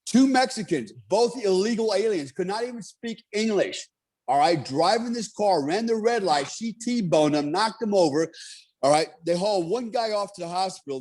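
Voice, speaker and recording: A man's voice: high voice, a little mellow. A middle-aged man telling stories as a guest in a casual podcast chat, blunt, profane and emphatic.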